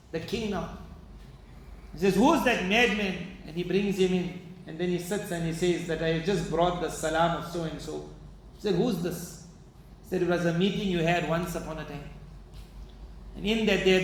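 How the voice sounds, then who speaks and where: High-voiced preacher in an echoey mosque. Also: male voice, a little hiss or hum. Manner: earnest, dramatic retelling with quoted dialogue. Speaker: imam preacher. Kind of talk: sermon storytelling. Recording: echoey mosque hall, faint ambience.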